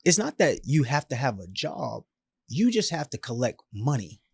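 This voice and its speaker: A man in his thirties telling his life story as a podcast guest, animated and emphatic, with slangy phrasing, often acting out other people's voices. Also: medium pitch, moderate pace, vocal fry, slightly rough, no room sound, clean studio sound. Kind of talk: storytelling in a casual interview.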